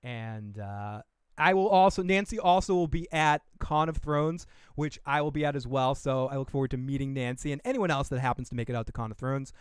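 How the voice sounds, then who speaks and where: Rambling, swearing man with a smooth voice. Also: medium pitch, brisk. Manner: rambling and profane, with laughs and self-talk. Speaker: podcast host reviewing a trailer. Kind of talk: casual livestream chat.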